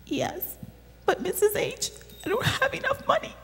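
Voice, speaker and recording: A woman's voice: very high voice, lively intonation, normal speed, gravelly, a bit bright, faint music behind, pitched above the performer's own voice, heavily acted. A woman voicing a shy young girl who pleads earnestly, in a church story. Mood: pleading. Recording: reverberant church hall.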